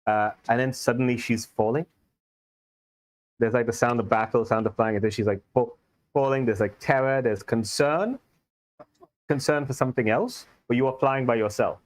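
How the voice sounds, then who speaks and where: Indian game master telling a story. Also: male voice, mid-range voice, normal speed, rough recording. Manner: loose, filler-heavy storytelling. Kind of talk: narrating a tabletop game.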